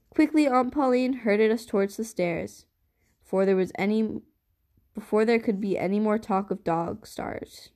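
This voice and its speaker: A woman reads a novel aloud in a steady, measured way. Her voice stays mid-range and even throughout the narration. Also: medium pitch. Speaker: audiobook narrator. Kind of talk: scripted narration.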